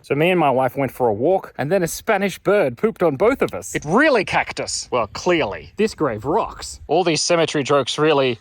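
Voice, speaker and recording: A man's voice: a little high, big pitch swings, normal speed, few pauses. A man telling a stream of puns to the viewer as he walks through an outdoor cemetery in a playful vlog. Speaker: vlogger. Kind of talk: joke-filled walking vlog.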